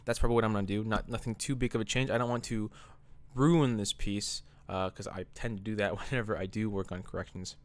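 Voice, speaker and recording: A man with a slightly low voice talks casually about his drawing. He rambles in a relaxed, self-deprecating way and sounds a little out of breath. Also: fast talker. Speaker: artist vlogger. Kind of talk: casual commentary over drawing.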